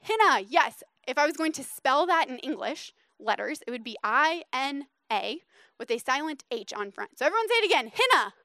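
A woman preaching a sermon to a small group, animated and conversational, dropping to a hush for emphasis. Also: sits high, moderate pace, no echo.

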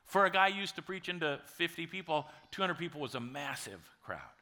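A male pastor in his forties delivers a sermon as a story, talking to the congregation like a friend and leaning into dramatic pauses. His voice is bright and sits slightly high. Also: animated.

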